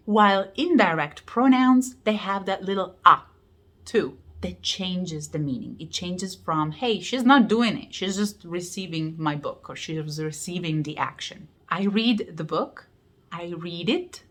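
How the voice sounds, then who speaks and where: A woman with an Italian accent teaching a grammar lesson, explaining with emphasis and slowing down to spell out example phrases. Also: fairly low pitch, fairly bright tone. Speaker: language teacher.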